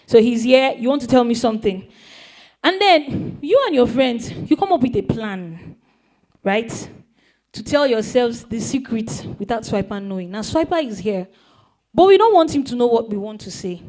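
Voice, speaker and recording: A woman's voice: on the high side, expressive, moderate pace, a little mellow. A woman explaining a topic to a young audience in a playful way, often asking them questions. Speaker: speaker teaching young people. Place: event hall.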